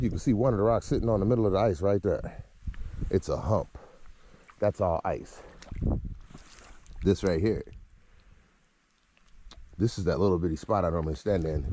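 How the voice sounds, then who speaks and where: Male vlogger, thirties, low mellow voice with lively swings, walking outside, faint wind noise in the background. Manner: excited, exclaiming and chuckling, drawn-out asides; relaxed informal talk with slang. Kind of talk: casual walking vlog. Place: outdoors in snowy woods by a creek.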